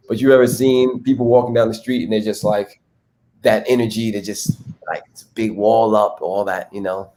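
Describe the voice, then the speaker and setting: A man's voice: lowish voice, flat delivery, brisk, mellow. A man hosting a relationship talk on a video call, explaining abuse to a group with many rhetorical questions. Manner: teaching, asks rhetorical questions.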